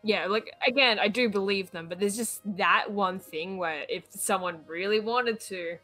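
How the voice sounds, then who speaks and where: A woman co-hosts a casual late-night chat, chatty and full of filler words. Her voice is bright and clear. Faint music plays behind her. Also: mid-range voice, normal speed. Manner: chatty, lots of fillers, laughs along. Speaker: co-host.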